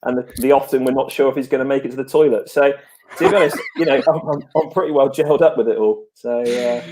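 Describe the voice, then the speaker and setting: A man in his thirties co-hosting a live show, relaxed and self-mocking with lots of hesitant fillers. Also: medium pitch, fast talker, a little hiss or hum. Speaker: co-host. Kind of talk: casual live show chat.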